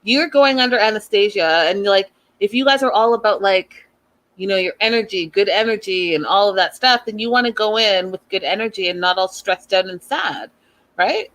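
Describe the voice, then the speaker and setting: Here the reality TV recap host has a medium-pitched, fairly bright voice and talks at a normal speed. Casual and opinionated, she addresses viewers head-on, mulls things over out loud, and drops "like" frequently.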